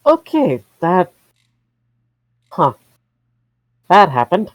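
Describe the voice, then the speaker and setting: An awkward silver dragon cleric stumbles slowly through his words, as a player voices him. The voice is plain and dry, close to the mic. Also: medium pitch, very animated, dry recording, pitched above the performer's own voice. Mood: flustered. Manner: hesitant, halting.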